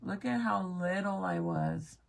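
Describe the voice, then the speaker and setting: A woman's voice: mid-range voice, a little slow, gravelly. A young woman chatting casually with viewers as she looks back through old family photos, swearing now and then. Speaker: mom vlogger.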